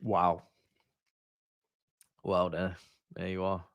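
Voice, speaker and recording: A man's voice: low-pitched, monotone, very slow, creaky, dry recording, muffled recording. Slangy guy doing match commentary. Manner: chatty, slangy, groans and repeats "no" when annoyed. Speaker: watch-along streamer. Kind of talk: casual live match commentary.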